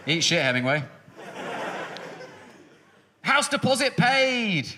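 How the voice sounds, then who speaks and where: A man's voice: sits high, slow, crowd noise, background noise. A man, performing a sarcastic, punchy stand-up comedy set on the stage of a large music hall. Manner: animated, sarcastic, punchy delivery with shouted bits. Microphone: stage microphone.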